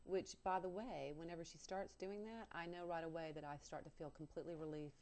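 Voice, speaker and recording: A woman's voice: fairly low pitch, fairly even intonation, a little fast, darkish tone, a little hiss or hum. A woman guest telling a personal story on a talk show, earnest and candid with self-mocking humor.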